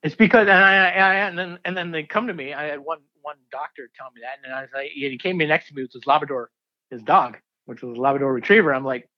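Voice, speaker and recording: A man in his fifties, a diver telling a story in an interview, excitable and rambling with many fillers and restarts. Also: on the high side, quick pace, muffled recording.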